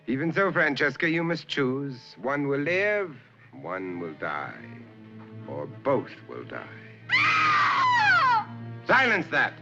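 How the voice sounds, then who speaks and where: A cruel, imperious prince on an old film soundtrack. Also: male voice, mid-range voice, sing-song, slow, pauses often, over loud music. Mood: menacing. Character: cruel, commanding middle-aged male prince. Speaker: film villain. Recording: dull old film soundtrack with loud score.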